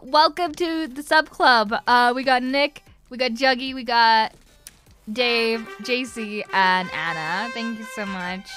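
During a casual livestream Q&A, a young voice actress from Northern Ireland fields fan questions in a mixed Irish-transatlantic accent. Her voice is high, pushed and bright, and she giggles, gushes and rambles with many fillers.

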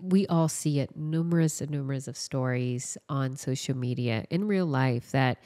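A woman with a notably low voice talks as a podcast guest and dog trainer. She tells stories loosely and chattily, piling on asides as she goes. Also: normal speed, mellow. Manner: chatty storyteller, loose and rambling. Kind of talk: casual podcast conversation.

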